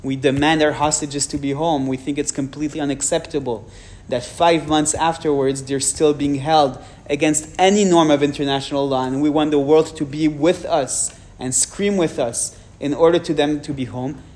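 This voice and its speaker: A man with a French accent, giving a public talk and answering audience questions frankly, with measured pauses and restarts. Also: on the high side, fairly even intonation, a little mellow.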